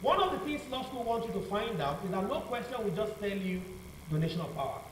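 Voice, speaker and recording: High-voiced man lecturing, class fills blanks. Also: animated, fast talker, slight background noise. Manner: call-and-response questioning, repeats "what?" for the class to fill in. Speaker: law revision teacher. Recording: echoey room, mic far off, faint ambience.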